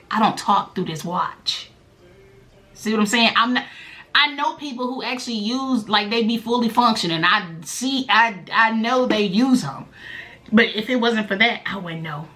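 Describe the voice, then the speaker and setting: A woman vlogger, telling a story in a chatty, animated way straight to the viewer. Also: normal speed. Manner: bursts into a high, loud voice when quoting herself. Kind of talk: casual storytime vlog.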